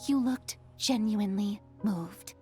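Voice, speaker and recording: A woman's voice: mid-range voice, takes it slowly, loud music behind the voice, close to an everyday voice. A woman voicing an eager young film director in a game, upbeat and encouraging.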